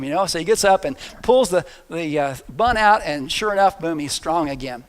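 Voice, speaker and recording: A man preaching a sermon with a high-pitched voice. He tells the story casually and jokes along the way, with a storytelling manner. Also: brisk. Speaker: pastor.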